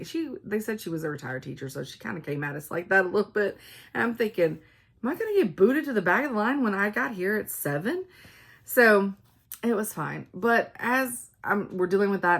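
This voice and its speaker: A woman, telling a rambling, animated story in a casual craft vlog, with many ums and acted-out quotes. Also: medium pitch. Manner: rambling, animated quoting of others, frequent ums. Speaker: cross-stitch vlogger.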